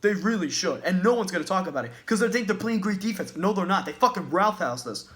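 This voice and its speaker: A man's voice: sits high, expressive, fast, fairly bright tone. A man ranting as a basketball fan in a vlog, agitated, profane and repeating himself. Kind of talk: sports rant vlog.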